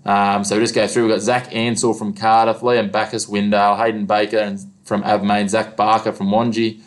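A man's voice: lowish voice, flat delivery, fairly quick. An Australian man hosting a local sports show, talking casually and calling his co-host "mate" often. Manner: laid-back, says "mate" often.

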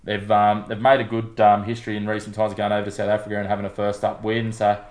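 This Australian-accented co-host of a casual sports podcast has a low voice and a quick pace. His talk is relaxed, friendly, and rambling, padded with plenty of fillers.

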